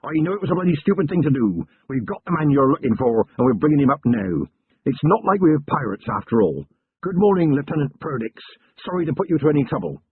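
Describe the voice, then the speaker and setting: A man voicing a rough male ship captain who talks in a resigned, apologetic way. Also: fairly high pitch, very animated, fast, voice pushed up, exaggerated voice. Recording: tinny lo-fi recording.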